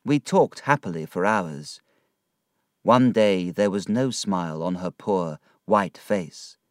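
A man narrating a storybook in a measured, expressive reading style. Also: low-pitched, no room sound, studio quality.

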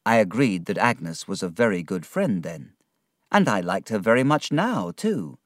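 A man reading a storybook as narrator, slow and expressive. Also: fairly low pitch, dry recording, clean studio sound.

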